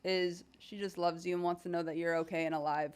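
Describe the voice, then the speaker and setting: A woman co-hosting a podcast, calm, supportive and thoughtful. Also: fairly low pitch, a little fast, clear, resonant tone. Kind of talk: casual chat.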